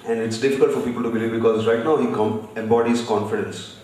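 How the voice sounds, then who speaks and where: A man's voice: mid-range voice, fairly even intonation, quick pace, a little mellow. A man from India, speaking bluntly as an author and guest at a live festival session. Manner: blunt, storytelling. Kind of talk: live panel conversation. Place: festival session stage, large hall. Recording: echoey hall, distant mic.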